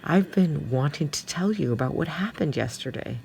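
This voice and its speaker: A woman voicing a blunt, plucky young schoolgirl in a storybook reading, close to her own low voice. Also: animated, normal speed, vocal fry, a little mellow, slight background noise. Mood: hushed.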